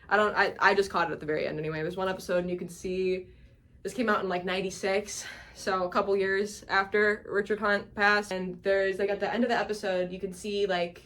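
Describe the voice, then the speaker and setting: A woman's voice: mid-range voice, a bit bright. A woman vlogger recapping an episode in a rambling, casual way, swearing and acting out the characters' lines.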